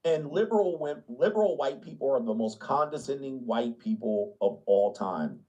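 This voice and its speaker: A man's voice: mid-range voice, expressive, moderate pace, warm tone, muffled recording. A man ranting in a blunt, mocking way in casual chat, laughing often and sliding into put-on voices. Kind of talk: casual comedic rant. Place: small town, gated suburban home.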